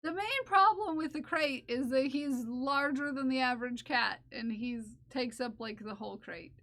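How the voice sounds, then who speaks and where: A woman's voice: sits high, normal speed, fairly bright tone. A woman hosting a live stream, chatting casually with her viewers and playfully scolding them. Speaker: livestream host.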